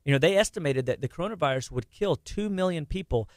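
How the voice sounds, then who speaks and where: A middle-aged man holds forth on a radio health show. He is lively and quick, full of restarts and repeated words. His voice sits a little high for a man and sounds close and dry at the microphone. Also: no echo. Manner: animated, talks fast with many restarts and repeated words. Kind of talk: casual radio health talk.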